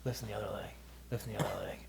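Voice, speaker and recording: A young man co-hosting a podcast, telling a story in a casual, comedic way. He talks with animated delivery, lots of swearing and laughter. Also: fairly low pitch, very fast, vocal fry, slight background noise. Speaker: podcast co-host. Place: quiet room.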